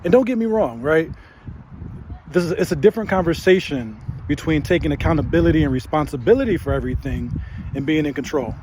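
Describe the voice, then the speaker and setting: A man's voice: fairly high pitch, lively intonation, fast, a little mellow, a little hiss or hum. A man in his thirties hosting a faith channel, giving a casual motivational talk and often tagging his lines with "right?". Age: 30s.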